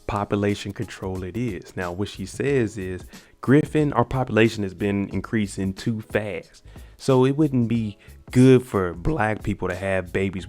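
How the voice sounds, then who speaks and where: A young man recapping a drama episode in a casual, animated way, briefly acting out the characters' lines. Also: fairly low pitch. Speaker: show recap host.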